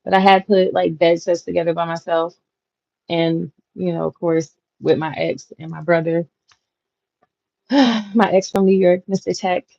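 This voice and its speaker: A woman's voice: on the low side, steady tone, unhurried, vocal fry, a little mellow, no echo. Chatty woman hosting a home livestream. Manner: chatty, laughs often, talks to viewers directly. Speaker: livestream host. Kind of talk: casual live chat reading comments. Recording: dull lo-fi livestream audio, dry.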